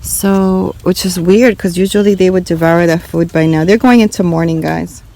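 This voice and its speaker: A woman's voice: fairly low pitch, fairly even intonation, moderate pace, vocal fry, dark tone, low-quality recording. Woman vlogging outdoors on her homestead. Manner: confiding, talks to viewers while walking outdoors. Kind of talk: casual vlog to camera. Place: outdoors on a rural property by a chicken coop.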